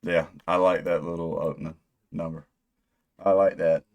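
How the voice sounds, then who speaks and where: A man hosting a music reaction video, chatting casually in a rambling, excitable way and swearing often. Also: low voice, normal speed.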